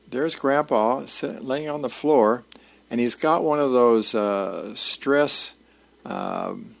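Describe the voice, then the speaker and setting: A man's voice: medium pitch, gravelly. A man who is a volunteer reader, reading newspaper columns and comic strips aloud for a radio reading service in an easygoing way, with the odd filler. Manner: unhurried, homey reading with small fillers and restarts.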